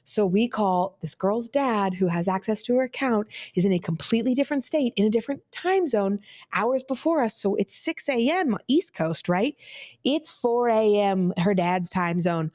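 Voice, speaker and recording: A young woman, hosting a podcast and retelling a travel mishap in a lively, dramatic way with laughter. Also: medium pitch, moderate pace, no echo, studio quality. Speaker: podcast host. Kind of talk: casual storytelling.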